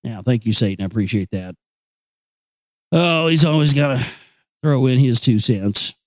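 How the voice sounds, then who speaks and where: A man's voice: mid-range voice, lively intonation, normal speed, no echo. A man hosting a show, ranting bluntly and sarcastically about the news with plenty of profanity, then reading aloud from a book. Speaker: show host.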